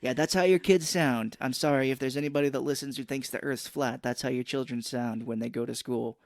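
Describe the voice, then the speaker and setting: A man co-hosting a podcast, talking through a film scene by scene in a loose, joking way. His asides are sarcastic, and he slips into short character impressions. His voice sits at an ordinary middle pitch, and the recording is close and dry. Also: steady tone, a little fast, no echo. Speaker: podcast co-host. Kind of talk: casual chat.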